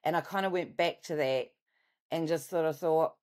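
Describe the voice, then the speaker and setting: A woman with a New Zealand accent and a notably low voice talks as a podcast guest. She rambles freely, full of fillers, and laughs easily. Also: moderate pace, a little mellow. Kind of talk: casual interview chat.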